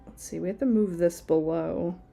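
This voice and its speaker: A woman's voice: lowish voice, normal speed, vocal fry, dark tone, faint music behind. A woman in her thirties, chatting casually while she draws during a live stream. She rambles and uses a lot of filler words. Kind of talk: casual chat while drawing.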